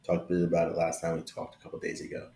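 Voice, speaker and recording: A man in his late 20s to early 30s hosts a casual tech vlog, speaking very fast in a low, mellow, monotone voice. The sound is reverberant. He's conversational, affectionate and open, constantly checking in with "right?"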